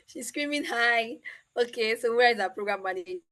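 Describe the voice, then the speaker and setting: A woman's voice: a little high, wildly swooping pitch, measured pace, a bit bright. A Nigerian woman hosting an online meetup over a video call, chatty and teasing. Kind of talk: casual chat.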